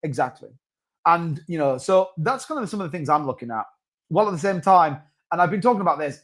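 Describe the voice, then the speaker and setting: A man chats through a crypto market livestream in a slightly raised voice. He rambles with restarts and loose asides, like a relaxed host talking to his regular viewers. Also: on the high side. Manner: rambling, chatty, with many restarts and asides to chat. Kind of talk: casual live-stream market commentary.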